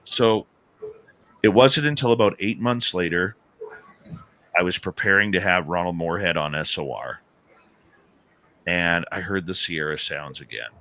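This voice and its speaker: A man, a paranormal radio host, telling an animated story as an interview guest and acting out the dialogue. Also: low-pitched, a little slow, pauses often, no echo. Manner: animated storyteller who acts out quoted dialogue.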